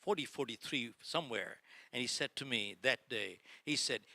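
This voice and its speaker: Middle-aged male motivational speaker, dramatic storyteller who acts out dialogue and calls the crowd "folks", sharp bright tone, dry close sound. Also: mid-range voice, normal speed, no echo. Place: lecture hall before a live audience.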